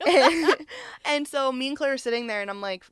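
A young woman co-hosting a podcast, telling stories in a casual, animated way, often laughing and acting out what people said. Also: sits high, normal speed, dry recording, studio quality. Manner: animated storytelling, laughs often, acts out quotes. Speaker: podcast co-host. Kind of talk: casual chat.

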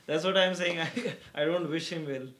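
A man's voice: a little high, steady tone, a little slow, a bit bright. Chatty young man talking football. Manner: chatty, opinionated, laughs often. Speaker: co-host. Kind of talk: casual football chat.

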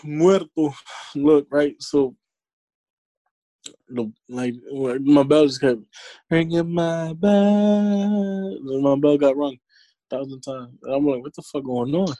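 A man's voice: mid-range voice, measured pace, pauses often, dry recording. A young man chatting casually with a friend over a call, swearing freely and acting out quoted lines as he tells stories. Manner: profane, animated storytelling with acted-out quotes. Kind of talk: casual chat. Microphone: remote call audio.

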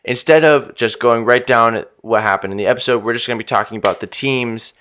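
A man's voice: mid-range voice, fairly quick, a bit bright, slight background noise. A man hosting a casual podcast chat, leading the talk in an upbeat way and laughing often. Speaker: podcast host.

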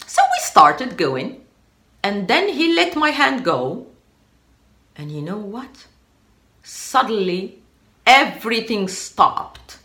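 A woman hosting a motivational podcast, telling a personal story in an animated, dramatic way. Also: on the high side. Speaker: podcast host.

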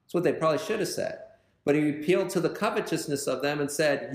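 Pastor guy preaching through the bible, chatty, slightly high voice, echoey church. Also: quick pace. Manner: conversational, retells scripture in everyday words. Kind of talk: sermon, verse-by-verse Bible teaching.

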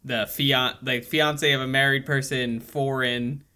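A man in casual chat, picking apart a TV show's characters in quick asides. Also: medium pitch, fairly even intonation, sharp tone, clear, resonant tone. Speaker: podcast co-host. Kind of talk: casual chat about a TV show.

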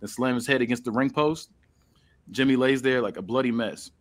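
Guy hosting a podcast, reading out a long story, mid-pitched voice, loose delivery. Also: fairly quick. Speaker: podcast host. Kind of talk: casual story recap.

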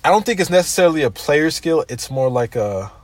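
Animated man hosting a gaming chat. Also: fairly high pitch, brisk, dry recording. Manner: animated, explains at length. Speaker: podcast co-host. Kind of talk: casual chat.

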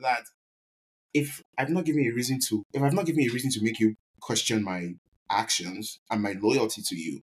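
A man's voice: fairly low pitch, brisk, husky. A man co-hosting a podcast in casual chat, easygoing and explanatory, sheepish when he is teased. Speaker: podcast co-host.

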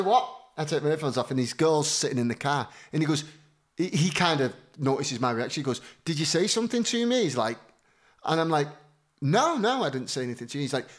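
A man telling stories in casual chat as a podcast co-host, swearing and acting out the people in them. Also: fairly high pitch. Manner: animated storytelling, swearing, acting out voices.

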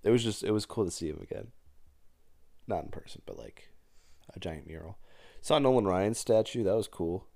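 A young man from Massachusetts, co-hosting a casual chat and talking in an animated way, laughing often. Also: deep voice, normal speed, vocal fry, long pauses. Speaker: podcast co-host.

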